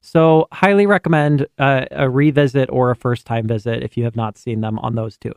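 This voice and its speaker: A man co-hosting a podcast, chatting casually about films and TV, animated, with many fillers and restarts. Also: mid-range voice, moderate pace, smooth, dry recording, clean studio sound. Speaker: podcast co-host. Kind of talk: casual chat.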